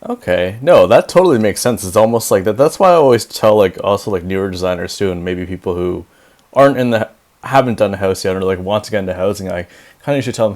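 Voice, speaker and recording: A man's voice: lowish voice, fast, darkish tone. A man hosting a casual podcast interview, talking loosely with lots of fillers. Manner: rambling, filler-heavy, upbeat. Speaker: podcast host.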